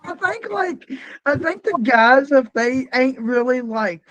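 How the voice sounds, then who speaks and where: A man co-hosting a casual interview, talking in a quick, blunt, joking way. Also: extremely high pitch, lively intonation, a bit bright, a little hiss or hum, rough recording. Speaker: interviewer, co-host. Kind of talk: casual chat.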